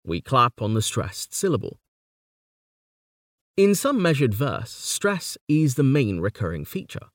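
A man reads a textbook on poetry aloud, slowly and carefully. His pitch rises and falls a lot as he stresses words. The recording is dry and close, with no room sound. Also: very animated, no room sound. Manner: measured, deliberate reading. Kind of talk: audiobook reading of a poetry textbook.

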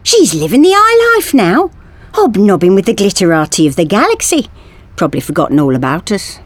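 A woman's voice: medium pitch, wildly swooping pitch, brisk, dry recording, voice pushed up. A woman voicing a chummy working man who talks in a chirpy, blokey way, in a storybook reading.

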